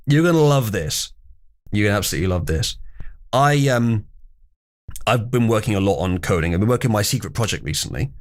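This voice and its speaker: A man hosting a livestream, chatting casually and rambling with wry asides to his chat. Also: fairly low pitch. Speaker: livestream host.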